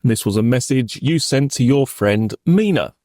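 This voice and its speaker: Male prosecutor for a courtroom reenactment: formal, probing, lively pitch, dry close sound. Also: normal speed, dry recording. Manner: formal, probing, pointed questions. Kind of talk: courtroom cross-examination reenactment.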